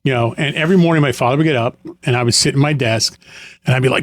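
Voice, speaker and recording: A middle-aged man co-hosting a casual chat, telling stories in an animated way and laughing often. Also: mid-range voice, racing. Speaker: podcast co-host, owner in the family business.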